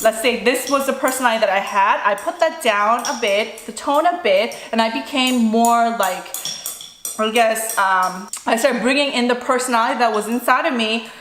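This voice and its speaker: Woman, fairly high voice, animated self-mocking chat, echoey room, faint clatter of dishes. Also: moderate pace, a little hiss or hum. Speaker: mukbang vlogger, mother. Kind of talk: casual chat while eating.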